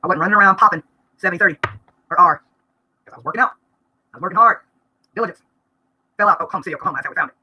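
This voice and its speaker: A woman, venting bluntly and rapidly during a live-stream vlog, breaking into laughter now and then. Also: lowish voice, breathy edge, highs cut off. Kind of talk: rambling live-stream rant.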